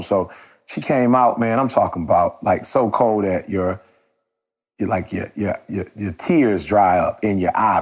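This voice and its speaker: Lowish and a little mellow with a breathy edge, this man's voice carries a casual, slangy story on his podcast. He's a motivational speaker who repeats phrases and restarts, then shapes the tale into an inspiring message.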